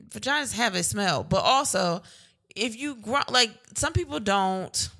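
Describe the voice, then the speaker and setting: A woman's voice: on the low side, vocal fry, pushed and bright. A young woman co-hosting a podcast, talking candidly in casual chat with lots of fillers. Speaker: podcast co-host.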